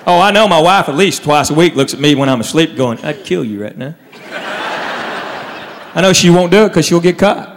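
A man's voice: a little high, fast, hardly any pauses, a little hiss or hum. A man telling stand-up comedy stories to a live audience. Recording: hall reverb with faint crowd.

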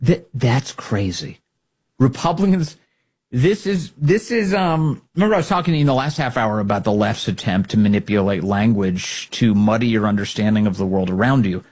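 A man hosting a political talk show, sarcastic and animated, often mocking others in put-on voices. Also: on the low side, normal speed, husky. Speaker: talk radio host.

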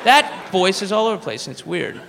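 A man doing rambling, profane stand-up. His voice sits high and bright. It carries a long hall reverb, with faint audience noise underneath. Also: big pitch swings, brisk, vocal fry, a faint crowd. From Southern US. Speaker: stand-up comedian. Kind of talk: stand-up comedy. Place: live comedy venue.

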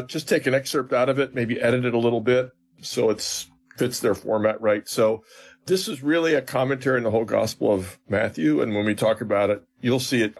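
Man, middle-aged, professor, interview guest, husky, low-pitched, earnest explainer. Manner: earnest, acts out quoted dialogue with emphasis. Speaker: professor of biblical theology, guest.

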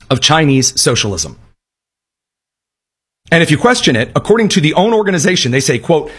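A man's voice: fairly high pitch, a bit bright, slightly rough. A man hosting a radio talk show, giving sarcastic, emphatic political commentary and reading quotes aloud.

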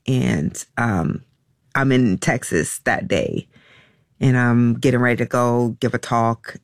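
A middle-aged woman telling a personal story in a halting, emotional way, with many restarts and fillers. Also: a bass voice, creaky, darkish tone, no room sound, studio quality. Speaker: interview guest.

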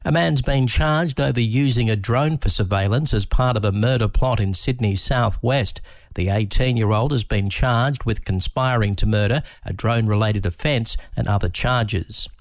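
A man reading radio news headlines in a measured, formal delivery. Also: mid-range voice, no room sound, studio quality. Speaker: radio newsreader.

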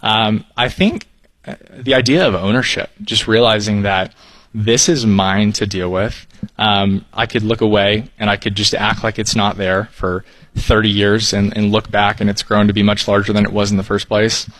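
A man's voice: fairly low pitch, steady tone, normal speed, fairly bright tone, no echo, rough recording. A man in his twenties from Texas, a copywriter answering interview questions earnestly and politely, with many ums. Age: 20s. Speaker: guest, copywriter.

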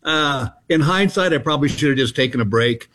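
A man's voice: a little high, animated, fairly quick, bright, forceful tone. A man, a comedian guest telling rambling, self-mocking stories in a casual interview. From Texas. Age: 60s. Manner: laid-back, self-mocking, rambling anecdotes.

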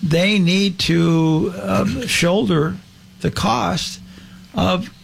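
A man hosts a talk show in a gravelly, creaky voice, pitched a little above the usual for a man. He talks haltingly, filling pauses with uh and you know and restarting his sentences. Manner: halting, many fillers and restarts. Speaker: host. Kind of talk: casual talk show hosting.

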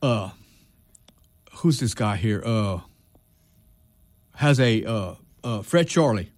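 A man hosting a radio show in a studio, speaking, relaxed and halting with many restarts. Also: lowish voice, dry recording. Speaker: radio host. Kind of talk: radio interview conversation.

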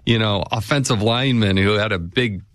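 A man's voice: on the low side, brisk, fairly bright tone, no room sound, clean studio sound. A man hosting a casual conversation, asking short questions and reflecting on what he hears.

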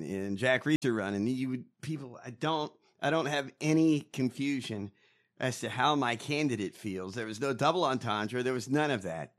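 A man's voice: medium pitch, a bit bright. A man co-hosting a casual political chat, blunt and profane, mocking politicians. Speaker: podcast co-host.

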